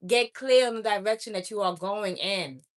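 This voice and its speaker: A woman with a mid-range voice and moderate pace delivers a spiritual message directly to camera as an oracle reader. She is blunt and preachy, scolding her viewers and repeating her points.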